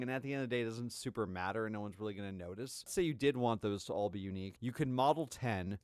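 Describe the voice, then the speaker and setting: A man's voice: mid-range voice, clean tone, dry recording. A man streaming, reacting to gaming news with sarcastic, exasperated commentary.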